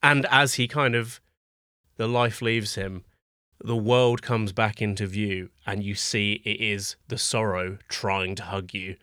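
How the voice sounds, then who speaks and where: A man narrating a tabletop role-playing game as game master, calm and deliberate. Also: lowish voice, clean tone, no room sound, studio quality.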